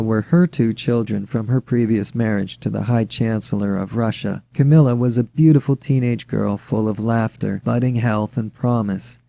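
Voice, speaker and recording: A man reading his own story aloud in a measured, wry storytelling manner. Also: fairly low pitch, fairly even intonation, creaky, dark tone, dry recording. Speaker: author and narrator. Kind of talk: scripted story narration.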